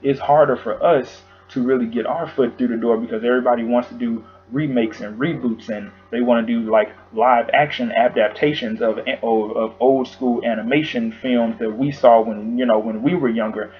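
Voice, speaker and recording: A man giving an emotional tribute in his vlog, talking haltingly with long pauses, sighs and fillers, close to tears. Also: mid-range voice, fairly even intonation, muffled recording, soft background music. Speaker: vlogger.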